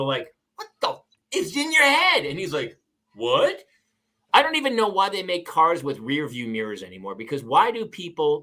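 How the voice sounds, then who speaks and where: A man hosting a podcast, chatting casually and acting out people's lines as he tells stories. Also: a little high. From California. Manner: animated storyteller, acts out other people's lines. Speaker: podcast host. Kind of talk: casual chat.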